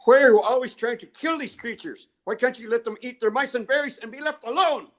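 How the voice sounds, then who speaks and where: Man doing an indignant older tribal elder woman, high and scolding, loud. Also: fairly quick.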